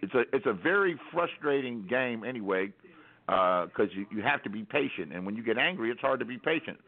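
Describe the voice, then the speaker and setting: A man's voice: mid-range voice, expressive, fairly quick. An American man telling a rambling, wry story as a caller on a call-in radio show, with many restarts. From United States. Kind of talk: casual storytelling on talk radio. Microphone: telephone. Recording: tinny phone line.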